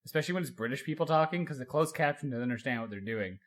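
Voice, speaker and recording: A man's voice: medium pitch, animated, very fast. A young man co-hosting a podcast, telling stories in casual chat with lots of filler words and bursts of laughter. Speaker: podcast co-host.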